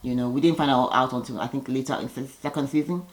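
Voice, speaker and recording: A woman vlogger giving a chatty, opinionated recap of a reality TV episode, with lively jumps in her voice. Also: quick pace, poor audio. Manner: lively, gossipy, opinionated with sudden pitch jumps.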